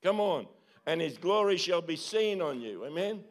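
Older male pastor, slightly high voice, preaching with repeated calls and tag questions. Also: big pitch swings, moderate pace. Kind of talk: sermon. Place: church service.

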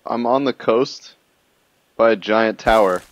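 A young man playing the game alongside the host, answering in a low-key, laid-back way over voice chat. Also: a little slow, low-quality recording.

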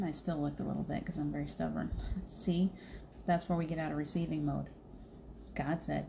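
A woman's voice: sits low, level tone, fairly quick, gravelly, noisy background. Chatty, laughing middle-aged woman storyteller. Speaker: livestream host. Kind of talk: casual spiritual chat.

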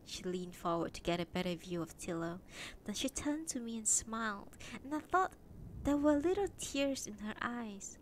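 Calm woman reading a story aloud. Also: medium pitch, normal speed, slight background noise, poor audio. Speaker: reader.

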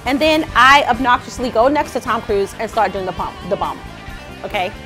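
Animated high-voiced woman vocal coach. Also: normal speed, music in the background. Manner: animated, chatty, laughing, frequent fillers. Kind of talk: casual vlog commentary.

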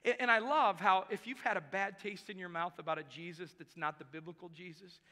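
A man's voice: high-pitched, steady tone, a little fast, pushed and bright. A male pastor preaching a sermon in a church, emphatic and repeating key phrases for effect. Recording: long reverb of a large hall.

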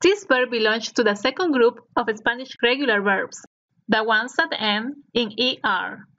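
A woman narrating a scripted language lesson as the teacher, speaking slowly and clearly so learners can repeat after her. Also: a little high, pushed and bright. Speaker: Spanish teacher. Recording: dull lo-fi recording.

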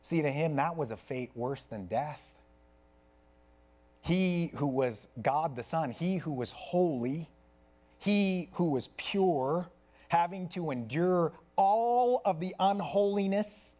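Man, pastor, sermon, earnest, hushed then raised, slightly high voice, church. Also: lively intonation, takes it slowly. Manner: earnest preaching, swings from soft hushed to raised.

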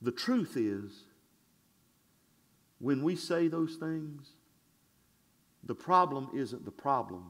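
A male pastor preaching a sermon in a church, swinging from shouted declarations to hushed asides in a folksy, conversational way. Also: medium pitch, very animated. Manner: conversational, drawn-out and folksy, with audience call-and-response.

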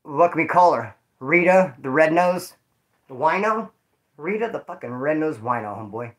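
A man's voice: a little high, expressive, normal speed, a bit bright. A man casually telling stories to his viewers, rambling, jokey and full of swearing. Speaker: vlogger telling prison stories.

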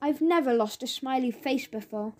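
A woman's voice: sits high, moderate pace, darkish tone. A woman voicing an earnest, well-behaved schoolgirl who speaks sincerely.

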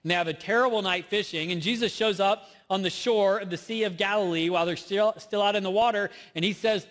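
Southern man, pastor, folksy sermon, slightly high voice, long church-hall reverb. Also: fairly quick, few pauses, a bit bright. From American South. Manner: conversational, folksy, self-deprecating. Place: church auditorium.

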